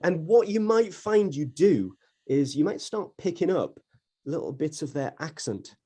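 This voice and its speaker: A man's voice: on the high side, expressive, measured pace, dark tone, slightly rough. A man hosting a school radio show in chatty, casual talk with frequent restarts. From North East England. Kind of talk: casual live chat.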